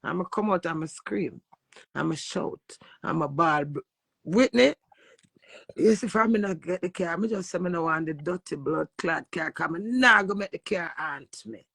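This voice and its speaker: Gravelly Jamaican woman ranting. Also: fairly low pitch, normal speed, fairly bright tone, dry recording. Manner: brash, swearing, talks back to viewers. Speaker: live-stream host. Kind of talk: casual live-stream rant.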